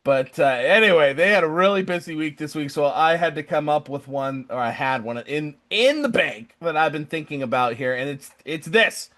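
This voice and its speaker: A man's voice: on the high side, moderate pace, hardly any pauses. A young man co-hosting a podcast, ranting casually and acting out other people's lines. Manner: animated, acts out other people's lines in quoted voices. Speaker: podcast co-host.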